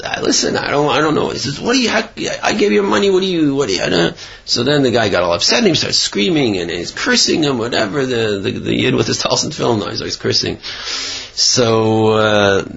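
Guy giving a torah class, low gravelly voice, chatty, muffled lo-fi sound. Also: a bit bright. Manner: chatty, rambling, acts out dialogue in the story. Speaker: Torah teacher. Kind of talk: informal Torah class with storytelling. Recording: dull lo-fi recording.

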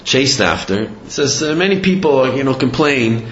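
An animated man gives a religious lesson, telling a story with a lively, swooping voice and plenty of fillers. The sound is roomy and a bit dull, with faint noise behind him. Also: medium pitch, moderate pace. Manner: animated, digressive, many fillers. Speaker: religious teacher. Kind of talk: sermon with storytelling. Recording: roomy, slightly dull recording.

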